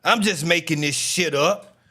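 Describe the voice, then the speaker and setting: A man hosting a live stream, telling a story in an animated, profane way and often shouting. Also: fairly high pitch, a little slow. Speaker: streamer host. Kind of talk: casual live-stream commentary.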